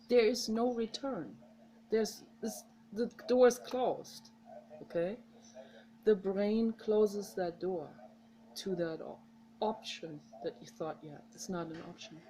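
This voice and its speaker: Slow, earnest woman vlogging. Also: medium pitch, warm tone, slight background noise, poor audio. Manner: earnest, rambling, heartfelt encouragement. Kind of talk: casual direct-to-camera monologue.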